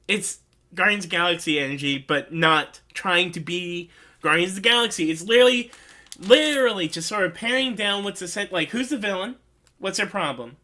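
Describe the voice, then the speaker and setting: A man's voice: high voice, bright, forceful tone. A man hosting a casual movie review vlog, rambling and earnest, with lots of "like" and openly emotional asides. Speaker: host.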